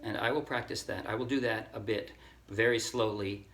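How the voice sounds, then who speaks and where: Guy teaching uke chill and chatty, fixes himself a lot, ukulele playing loud under his voice. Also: on the low side, moderate pace, over loud music. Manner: relaxed, self-correcting, counts strings aloud. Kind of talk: casual tutorial talk.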